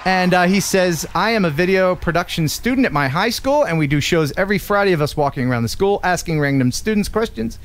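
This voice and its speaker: Male live-stream host, a bit high-pitched, casual and playful. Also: expressive, fairly quick, hardly any pauses, a little hiss or hum.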